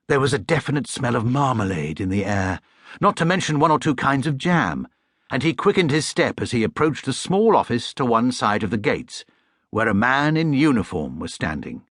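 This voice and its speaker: An English man reads a children's story aloud in a warm, expressive way, and his pitch moves a great deal. It is a close studio recording with no room sound at all. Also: dry recording. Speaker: audiobook narrator. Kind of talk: scripted narration. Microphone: studio mic.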